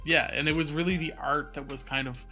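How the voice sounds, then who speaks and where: A man with a bright, forward voice muses his way through a casual hobby podcast. He rambles thoughtfully and fills his pauses, with faint music behind him. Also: on the high side, fairly even intonation. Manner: thoughtful, rambling, many fillers. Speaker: podcast co-host.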